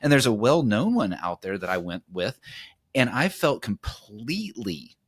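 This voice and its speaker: A man's voice: fairly low pitch, big pitch swings, unhurried, breathy edge, dry recording, clean studio sound. A male podcast host in casual interview chat, who often restarts his sentences and speaks with enthusiasm. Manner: enthusiastic, repeats words when starting sentences.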